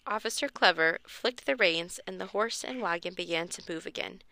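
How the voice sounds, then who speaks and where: Bright gravelly woman reading a kids' book. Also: normal speed, dry recording. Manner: expressive, pitches up for the children's lines. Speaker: storyteller. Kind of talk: reading a children's chapter book aloud.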